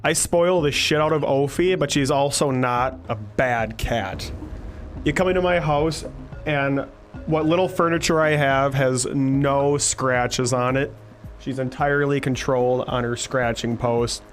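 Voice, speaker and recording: A man's voice: medium pitch, measured pace, soft background music. A man streaming a game, chatting casually with loose, profane jokes between play. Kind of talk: casual gameplay commentary.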